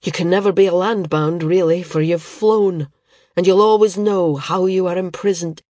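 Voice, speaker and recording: A woman's voice: lowish voice, normal speed, a little mellow, no echo, clean studio sound, close to an everyday voice. A woman reading a sad, heavy-voiced older father. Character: grieving older father, stern then gentle, slow and heavy.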